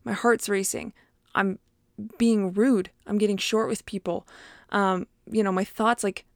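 A young woman talks in a relaxed, conversational way, coaching her listeners through handling emotions. She often acts out her own inner self-talk and leans on fillers like "like" and "you know". Her voice sits at an ordinary pitch, and the recording is dry and close, with little room sound. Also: a little slow, no echo. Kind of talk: casual podcast monologue.

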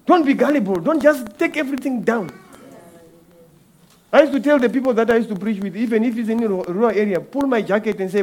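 High-voiced man preaching conversationally. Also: expressive, brisk, darkish tone. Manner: conversational preaching with acted-out quotes and rhetorical questions; repeats words and restarts mid-phrase. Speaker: guest preacher. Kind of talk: sermon.

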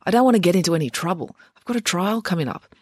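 Reader as a prim nervous teen detective girl, lively voice, a bit breathy. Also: mid-range voice, fast, no echo, clean studio sound, pitched above the performer's own voice. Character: earnest, proper teenage girl detective.

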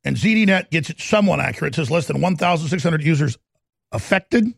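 A man's voice: fairly high pitch, expressive, fast talker, vocal fry, husky, no echo, studio quality. A man hosting a political talk show, ranting in a heated, sarcastic way. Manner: ranting, sarcastic, slips into mocking impressions.

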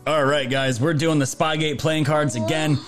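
A man's voice: fairly high pitch, steady tone, moderate pace. Guy hosting a live stream, rambly and joking around, music going behind him. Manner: rambling, jokey, loose with filler words. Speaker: livestream host. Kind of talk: casual political livestream talk. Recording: music playing underneath.

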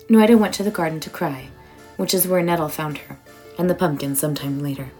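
A woman reading a children's storybook aloud in an expressive, warm way. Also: low voice, a little fast, poor audio. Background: soft music.

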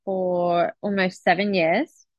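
Brief: English actress, young adult, relaxed and chatty, dull dry audio. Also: female voice, lowish voice, slow pace, dry recording. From England. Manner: relaxed, chatty, with frequent restarts. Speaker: actress guest. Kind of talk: casual interview chat.

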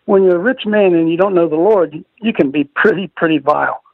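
Older male radio host, emphatic and preachy, high gravelly voice, muffled dry studio recording. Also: brisk, no echo. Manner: emphatic, preachy, repeats phrases for stress. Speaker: radio host, ministry leader. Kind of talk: conservative Christian radio talk.

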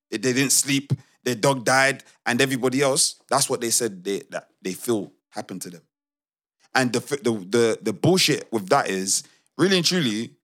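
Emphatic man co-hosting a chat podcast. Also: medium pitch. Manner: emphatic, animated storytelling with frequent restarts. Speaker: podcast co-host.

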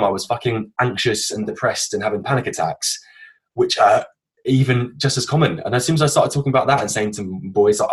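A man's voice: lowish voice, fast, husky. A young man co-hosting a podcast, telling a candid personal story in an earnest, open way and swearing freely. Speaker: podcast co-host.

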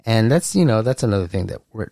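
Man, lowish voice, casual podcast banter, animated quoting, dry close sound. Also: quick pace, gravelly, dry recording. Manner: animated, jumps high when quoting people. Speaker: podcast co-host. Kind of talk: casual chat.

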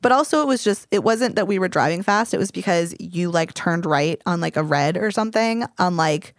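A woman's voice: on the low side, a little fast, dry recording, studio quality. A young woman from California co-hosting a podcast, chatty and teasing with lots of fillers. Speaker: podcast co-host. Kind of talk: casual chat.

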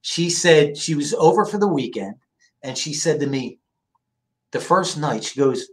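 A middle-aged man from the Philadelphia area, a guest in an interview, telling family stories in a lively, casual way and often checking in with "right?". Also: mid-range voice, unhurried. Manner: animated storyteller, asks "right?" often. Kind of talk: casual storytelling.

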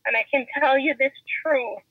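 A woman's voice: high-pitched, normal speed, slightly rough, no room sound, phone-quality sound. A woman guest giving an earnest, emotional personal testimony in an interview. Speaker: podcast guest.

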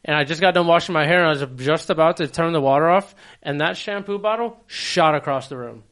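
Quick-talking male co-host with a slightly raised voice, loose and profane. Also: on the high side, a bit bright. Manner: rapid, loose, profane storytelling. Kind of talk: casual podcast chat.

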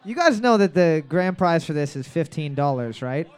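A man's voice: fairly high pitch, sing-song, normal speed, a little mellow, a faint crowd. A man hosting a trivia night podcast, reading each question twice and joking crudely between rounds. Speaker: trivia host.

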